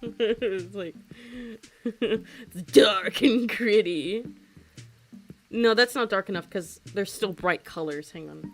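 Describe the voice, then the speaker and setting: A woman's voice: mid-range voice, measured pace, a bit bright, faint music behind. A woman in her twenties, chatting casually and rambling with many fillers and frequent giggles while she draws on a stream. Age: 20s. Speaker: streaming artist. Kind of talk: casual chat while drawing.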